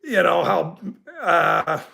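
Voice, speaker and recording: A man's voice: a little high, slow, creaky, pushed and bright. A middle-aged man hosting a casual livestream, ranting indignantly and rambling, laughing often. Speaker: livestream host.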